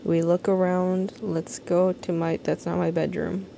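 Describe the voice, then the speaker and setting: Woman streamer, American accent, rambling and swearing, low mellow voice, faint background hum. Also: level tone, measured pace, vocal fry. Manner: rambling, chatty, swears freely, reads chat aloud. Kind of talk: casual live-stream commentary.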